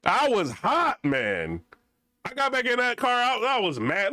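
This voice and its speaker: High, lively young man ranting. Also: a little slow, dry recording. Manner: animated, rambling, slangy. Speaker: vlogger. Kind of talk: casual rant to camera.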